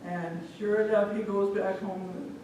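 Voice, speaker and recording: A woman from Omaha telling a folk tale live to an audience, animated and speaking directly to listeners. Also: medium pitch, unhurried, a little hiss or hum. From Omaha, Nebraska. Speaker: storyteller. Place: live public event, echoey room. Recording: echoey hall from far off.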